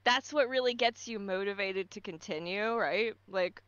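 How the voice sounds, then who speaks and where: A woman's voice: medium pitch, normal speed, a bit bright, clean tone, no room sound. A woman voice actor chatting casually, encouraging and full of fillers. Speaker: guest voice actor. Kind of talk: casual chat. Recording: dry muffled mic.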